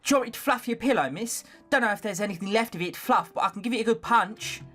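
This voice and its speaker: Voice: medium pitch, fast, a bit bright, faint music behind, pitched above the performer's own voice, close to an everyday voice. A player putting on a Northern maid girl. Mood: homely. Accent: put-on Northern English. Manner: homely, plain-spoken. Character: cheerful poor scullery maid girl.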